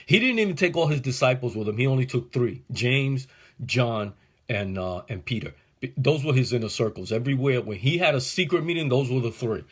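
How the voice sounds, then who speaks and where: A man's voice: medium pitch, moderate pace, husky. A male pastor teaching a Bible passage verse by verse, speaking in a casual, slangy way that rises into fervent preaching. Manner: casual, slangy, animated, building to fervor.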